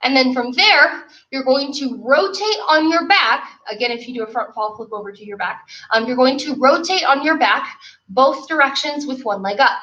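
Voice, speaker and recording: A high-voiced woman leads a martial arts class, coaching and counting out each rep. She is heard on a camera mic from across a roomy space, with a dull, lo-fi sound. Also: normal speed, bright, forceful tone, distant mic. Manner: upbeat, coaching, counts reps aloud. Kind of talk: online class instruction. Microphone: camera mic from a distance.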